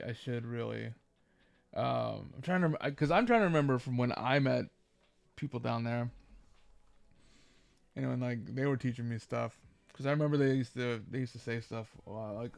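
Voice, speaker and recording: Gravelly, halting male streamer. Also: medium pitch, no echo. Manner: thinks aloud, halting, many restarts. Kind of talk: casual live-stream chat.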